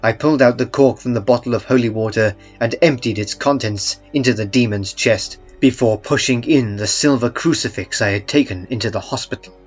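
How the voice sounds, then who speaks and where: Calm man narrating a horror story. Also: medium pitch, a little fast, few pauses. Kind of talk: scripted first-person horror narration. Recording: muffled, with faint music beneath.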